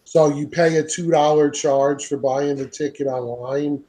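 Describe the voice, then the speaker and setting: Male podcast host, easygoing, rambling, slightly high voice, casual swearing. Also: steady tone, unhurried, warm tone. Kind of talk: casual panel chat over an online call.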